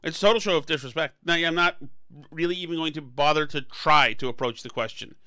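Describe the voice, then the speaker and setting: Guy ranting on his political podcast, bright crisp voice, sarcastic, dry close sound. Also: on the high side, fast talker, no echo. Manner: emphatic, sarcastic, restarts phrases. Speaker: podcast host. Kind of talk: political commentary chat.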